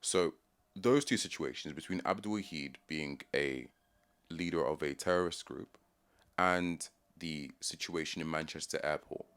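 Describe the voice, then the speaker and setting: A young man with a London accent giving his opinions in a casual monologue, pausing and restarting as he thinks aloud. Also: extremely low pitch, a bit bright, clear, resonant tone. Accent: London English. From London, England. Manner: thinking aloud, restarts and pauses mid-sentence. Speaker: video commentator.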